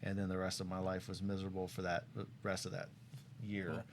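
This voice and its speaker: A young man with a lowish voice tells a story in an easy, chatty way and brings the other people in it to life as he goes. He laughs often, and a faint hum of noise sits behind him. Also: fairly quick. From Tucson, Arizona. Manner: animated storyteller, laughs often, acts out quotes. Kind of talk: casual storytelling chat.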